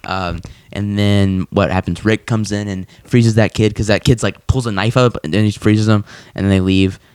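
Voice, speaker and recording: A man's voice: steady tone, normal speed, darkish tone, smooth, no room sound. Young male podcast host, casual rambling recap, dry close sound, frequent laughter. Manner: rambling retelling with frequent laughs and pitched-up impressions. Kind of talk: casual chat.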